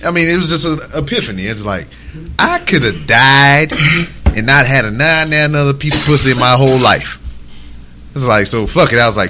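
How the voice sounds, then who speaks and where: A man's voice: medium pitch, lively intonation, a little fast, background noise. A man in his forties hosting, telling a crude story in casual chat. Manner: profane, laid-back storytelling. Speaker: podcast host.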